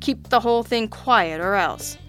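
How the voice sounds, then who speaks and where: A woman's voice: fairly high pitch, a little slow, faint music behind, lightly acted. A woman voicing a wisecracking, easygoing male private detective who delivers dry, flippant quips in an audiobook. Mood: pointed. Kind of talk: audiobook character voice.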